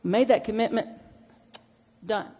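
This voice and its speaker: A middle-aged woman minister, giving a conversational sermon with animated storytelling that moves between hushed reflection and playful bursts. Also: on the high side, moderate pace.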